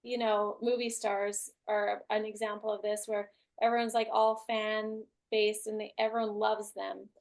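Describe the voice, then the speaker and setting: A woman's voice: medium pitch, flat delivery, normal speed, few pauses. Chatty woman hosting a class. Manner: chatty, many "like" and "right?" fillers. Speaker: class host. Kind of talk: casual group class talk.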